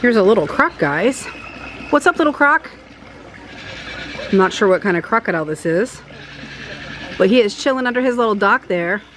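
A woman's voice: mid-range voice, animated, moderate pace, long pauses, a bit bright, a little hiss or hum, poor audio. A woman vlogging outdoors at an animal sanctuary, cooing and baby-talking to the animals. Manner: coos and baby-talks at animals. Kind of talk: casual vlog chat.

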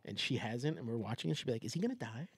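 A fast-talking man with a husky, slightly rough voice, chatting casually as a podcast co-host. He talks in lively swings of pitch and swears freely. The sound is close and dry. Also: no echo. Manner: animated, swears a lot, acts out quotes. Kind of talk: casual chat.

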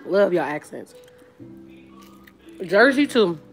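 A woman's voice: fairly low pitch, sing-song, takes it slowly, vocal fry, faint music behind. A woman from Wisconsin, live-streaming from home. She chats casually, reads viewer comments aloud, and eats between words. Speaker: vlogger. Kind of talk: casual live-stream chat while eating. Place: at home, indoors.

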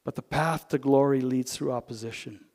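Canadian pastor preaching in a reverberant hall. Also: male voice, mid-range voice, fairly even intonation, moderate pace. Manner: swings between loud emphatic peaks and hushed intimate asides. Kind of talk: sermon. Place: church sanctuary.

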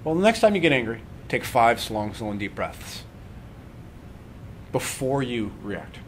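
A man leading a live workshop on breathing and meditation, talking calmly and conversationally and often checking in with his listeners. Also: medium pitch, measured pace, a little hiss or hum. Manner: calm, conversational, checks in with "right?".

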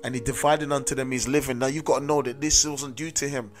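A South London man preaches with steady conviction, mixing his own story into the sermon. His voice sits in an ordinary middle pitch and keeps returning to "amen." Music plays clearly beneath him. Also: quick pace. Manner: earnest, repeats "amen" and "listen to me". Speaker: street preacher. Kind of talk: sermon with personal testimony. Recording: music playing under the voice.

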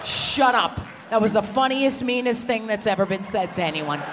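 A woman stand-up comedian doing a crude, brash insult comedy set on stage, teasing audience members and often shouting. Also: fairly high pitch, lively intonation, moderate pace, a crowd in the background, background noise. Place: stage in a large theater before a live audience. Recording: live hall recording with loud audience.

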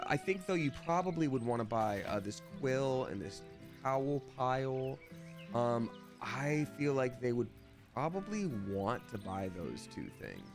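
A man's voice: mid-range voice, sing-song, a little slow. A man streaming a video game with casual, playful commentary and silly asides. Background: game music.

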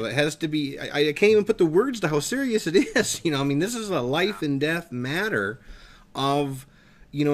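A man from the US South hosting a religious discussion, earnest and growing more intense as he stresses his points. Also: mid-range voice.

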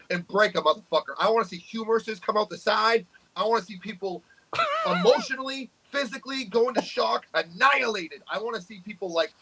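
Over a noisy background, an arm wrestler with a high-sitting voice co-hosts a casual podcast chat, throwing out cocky, foul-mouthed trash talk.

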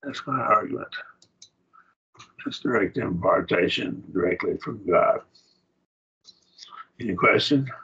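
A low, gravelly man with an Oklahoma accent leads a Bible class, his voice rough and very husky. He talks conversationally and keeps putting questions to his students. The classroom recording sounds dull and lo-fi. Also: unhurried, pauses often, sharp tone. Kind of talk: teaching a college-level Bible class.

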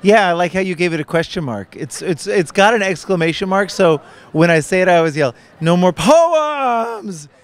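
A man with a smooth, resonant voice pitched a little high chats as an interview guest. He tells stories in a relaxed, self-deprecating way. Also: a little fast. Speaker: author and musician guest. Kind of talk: casual interview chat. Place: conference booth, indoors.

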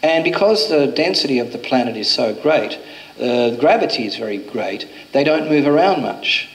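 A hypnotherapist giving a talk, a man recounting a session with a client as a lively storyteller who acts out the dialogue. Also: medium pitch, moderate pace, poor audio. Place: event venue before an audience.

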